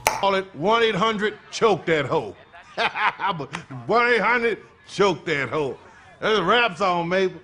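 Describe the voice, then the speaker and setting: A man's voice: sits high, expressive, slow pace, sharp tone, full character voice. Madea, a man playing a brassy old grandmother. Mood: sassy. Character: sassy loud older grandmother.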